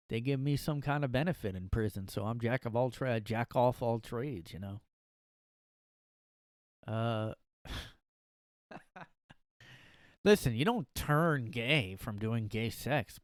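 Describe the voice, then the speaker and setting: A man's voice: mid-range voice, clear, resonant tone, no room sound, studio quality. A man hosting a podcast alone from his room, rambling and joking with many fillers. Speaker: podcast host. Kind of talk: casual comedic monologue.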